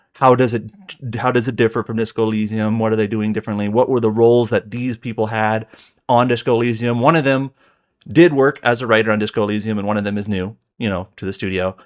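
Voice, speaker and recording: A man's voice: lowish voice, fairly bright tone. Rambling man recounting on a podcast. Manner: rambling, heavy on fillers and self-corrections. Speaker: podcast co-host. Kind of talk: casual podcast chat.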